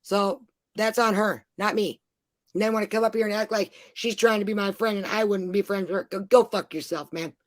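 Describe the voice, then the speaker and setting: A woman's voice: mid-range voice, fairly even intonation, fairly quick, no echo. A woman venting in an angry, profane rant, swearing nearly every sentence.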